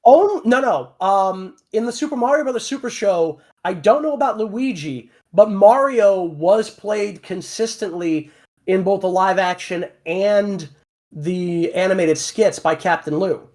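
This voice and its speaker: Livestream host, man with a high voice, chatty and full of fillers. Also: a little slow, a little mellow. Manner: chatty, explains at length with many fillers. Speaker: voice actor and stream cast member. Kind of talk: casual livestream chat.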